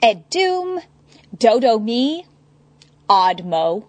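A woman voicing a jittery, paranoid man who blurts out his fears in a loud, high voice. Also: big pitch swings, slow, dry recording, full character voice. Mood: panicked. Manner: panicky, exclamatory, fretful.

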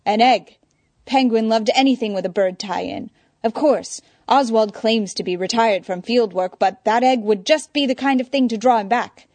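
A woman voicing a jittery, paranoid man who blurts out his fears in a loud, high voice. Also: big pitch swings, takes it slowly, hardly any pauses, no echo, heavily acted. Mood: fretful. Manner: panicky, exclamatory, fretful.

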